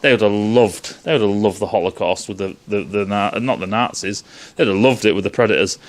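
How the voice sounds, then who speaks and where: A man's voice: on the low side, fairly quick. A man ranting sarcastically and profanely in a casual film review.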